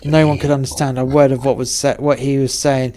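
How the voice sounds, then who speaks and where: A man narrating a story in a wry, profane, deadpan way. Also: medium pitch, fairly quick, a little hiss or hum.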